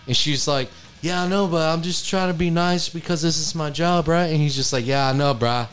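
A man's voice: on the high side, fairly quick, fairly bright tone, clear, resonant tone. A man co-hosting a podcast, telling rambling crude stories and stumbling over repeated words. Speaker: podcast co-host. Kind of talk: casual crude storytelling.

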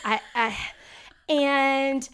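Chatty woman telling a story. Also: high-pitched. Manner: chatty storyteller, animated, quick to act out quotes. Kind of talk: casual chat.

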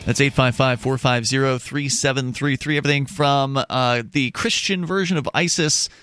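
A man's voice: medium pitch, normal speed, fairly bright tone, smooth, no echo, studio quality, faint music behind. A man hosting a call-in talk radio show, reading promos and phone numbers and bringing callers on air.

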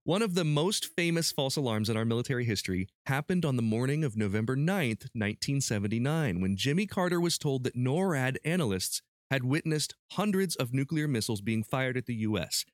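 A man hosts a podcast quiz in a playful way, reading each question slowly and clearly. His voice sounds dry and close to the mic, with no room sound around it. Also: medium pitch, expressive, dry recording. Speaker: podcast host running a quiz. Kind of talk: casual podcast chat.

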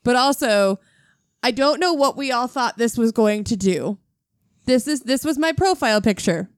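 A woman's voice: a little high, lively intonation, moderate pace, no echo, clean studio sound. A young woman co-hosting a podcast, wryly poking fun at herself. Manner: self-mocking, counts points off. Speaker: podcast co-host. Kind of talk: casual chat.

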